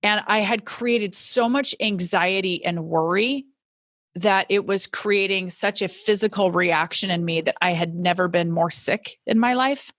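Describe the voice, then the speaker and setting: A middle-aged woman hosting a podcast, telling her own story in an earnest, reflective way and slowing down on key words. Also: medium pitch, fairly bright tone, dry recording. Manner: earnest and reflective, slows down for emphasis. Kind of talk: personal storytelling monologue.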